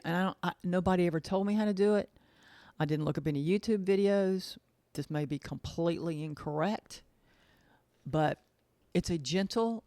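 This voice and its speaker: A woman's voice: deep voice, darkish tone, no room sound. Chatty folksy woman, dry sound. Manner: chatty, folksy, repeats herself for emphasis. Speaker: pet sitter. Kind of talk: casual storytelling monologue.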